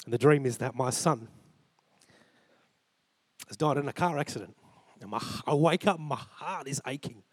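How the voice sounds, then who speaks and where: A man's voice: mid-range voice, normal speed, long pauses, a little mellow, breathy edge, no echo. Australian man preaching, dry close sound. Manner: earnest storytelling, acts out dialogue with God. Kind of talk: sermon with personal story. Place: church.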